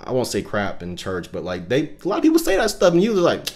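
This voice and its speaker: A man's voice: wildly swooping pitch, quick pace, soft background music. A man telling a personal faith story on a casual podcast, earnest and emotional, with lots of fillers. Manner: rising pitch and loudness when recounting intense moments. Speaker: podcast co-host and Christian musician.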